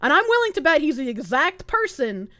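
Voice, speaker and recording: A woman's voice: sits high, very animated, brisk, pushed and bright, dry recording, clean studio sound. A woman streamer ranting live in heated, sarcastic, profane commentary. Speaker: Twitch streamer.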